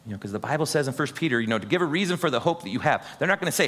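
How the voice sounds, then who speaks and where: A man's voice: a little high, animated, racing, hardly any pauses, a bit bright. A man pastor preaching an earnest, encouraging sermon straight to his congregation. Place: church sanctuary. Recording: husky voice in a long-reverb hall.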